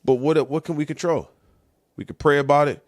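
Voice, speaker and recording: A man's voice: a little high, fairly even intonation, a little fast, dry recording, studio quality. A man hosting his show, talking through a casual, conversational monologue. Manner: conversational, says "you know what I'm saying". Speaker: host.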